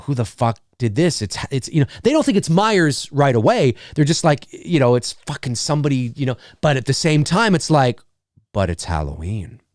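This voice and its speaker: A man's voice: mid-range voice, dry recording, clean studio sound. A middle-aged man hosting a live stream in a casual, rambling way, swearing freely and answering viewer comments. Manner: rambling and animated, swears freely, acts out quick asides.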